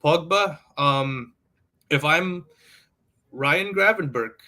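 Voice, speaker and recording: A man's voice: fairly high pitch, lively intonation, extremely slow, bright, forceful tone. A man co-hosting a casual sports podcast, blunt and joking, with some swearing. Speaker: podcast co-host.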